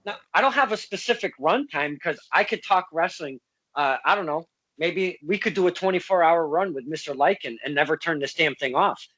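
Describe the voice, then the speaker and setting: High-voiced chummy podcast host, man. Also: a little fast. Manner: laughs often, relaxed and chummy, many uh fillers. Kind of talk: casual interview.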